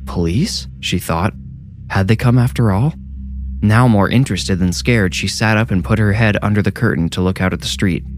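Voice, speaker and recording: A man narrating a scripted horror story in a measured, steady way. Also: on the low side, faint music behind.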